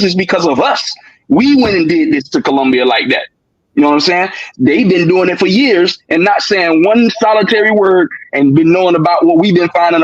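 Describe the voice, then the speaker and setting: A man's voice: a little high, no echo, highs cut off. A man, a guest on a live stream, making his points emphatically with rhetorical questions. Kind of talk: casual live-stream chat.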